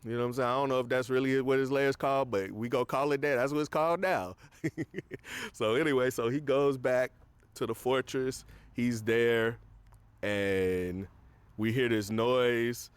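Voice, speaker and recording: A man's voice: mid-range voice, steady tone, moderate pace, smooth, no room sound. A man hosting a casual film review, recapping the plot in a loose, rambling way with lots of fillers and popping his voice up to act out quoted lines. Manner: acts out quoted lines in a raised voice.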